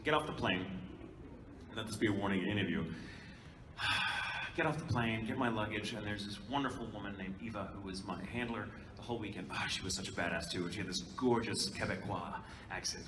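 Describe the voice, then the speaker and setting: A man, a voice actor, telling lively anecdotes on a convention panel and dropping into accents as he goes. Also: fairly low pitch, brisk. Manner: animated storyteller, jumping into accents and voices. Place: large convention hall. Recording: echoey hall, voice from far off, background noise.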